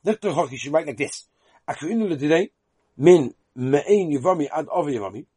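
A man teaches Talmud in Yeshivish English with a Yiddish lilt, first chanting the text in sing-song and then translating and explaining it. His voice is on the high side, animated and brisk, with a dark, slightly rough tone, recorded at studio quality with no echo.

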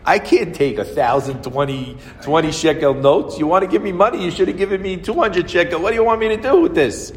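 A man voicing an indignant woman furniture store clerk who protests loudly, heard in a reverberant hall. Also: sits high, a little fast, few pauses, pitched above the performer's own voice, lightly acted. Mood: exasperated. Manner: exasperated, protesting.

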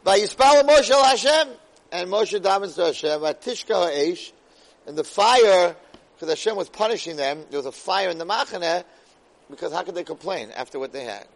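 A man with a high voice teaches a class on the weekly Torah portion. He moves between Hebrew verses and English explanation. His delivery rises to loud outbursts and drops to near whispers. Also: normal speed, rough recording. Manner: dramatic, swings loud and soft, weaves Hebrew verses into English. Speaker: Torah lecturer.

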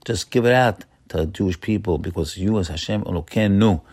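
Low-voiced man preaching with earnest repetition. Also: brisk, darkish tone, dry recording. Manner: earnest, repeats words while building to points; addresses listeners as friends. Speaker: religious teacher. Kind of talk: Torah sermon with Hebrew verses.

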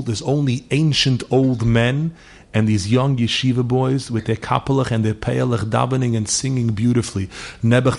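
A middle-aged man giving a holiday sermon, telling stories and sprinkling Yiddish and Hebrew words into his English. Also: medium pitch. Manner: storyteller mixing Yiddish and Hebrew words into English, voicing people in his tales. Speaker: rabbi giving a holiday talk. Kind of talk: sermon with storytelling.

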